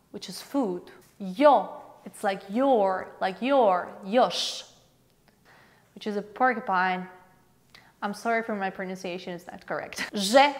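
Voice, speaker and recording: A woman teaching a language alphabet lesson, saying each letter slowly and repeating example words. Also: medium pitch, fairly bright tone, in a large hall.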